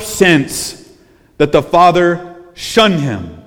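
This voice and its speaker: A man preaching a sermon, emphatic, dropping to hushed low phrases and then rising to loud ones. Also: slow pace. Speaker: pastor. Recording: long hall reverb.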